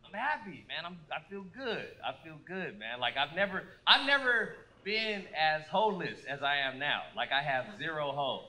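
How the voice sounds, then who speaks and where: A man in his thirties doing a profane, animated stand-up set, acting out voices of people he describes. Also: on the high side, normal speed, few pauses. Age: 30s. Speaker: stand-up comedian. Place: comedy stage before a live audience. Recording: roomy live venue with audience noise.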